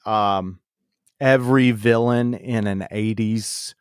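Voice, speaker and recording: Slow-talking man with a low voice. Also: steady tone, smooth, dry recording, clean studio sound. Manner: slow, rambling, trails off. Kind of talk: casual political chat.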